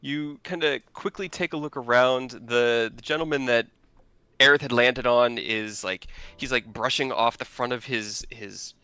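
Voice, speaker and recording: A man's voice: medium pitch, a little slow, bright, forceful tone, clean tone, no room sound. A man narrating as game master of a tabletop game, casual with many fillers.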